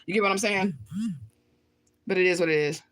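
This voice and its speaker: Fast-talking profane woman livestreamer. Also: on the low side, fairly bright tone. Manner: heated, profane, talks straight to chat. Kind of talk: livestream rant to viewers.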